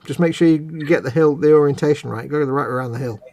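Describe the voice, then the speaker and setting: Man, stream host, quick rambling banter, slightly high voice. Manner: rambling, jokey, animated. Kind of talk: casual chat over gameplay.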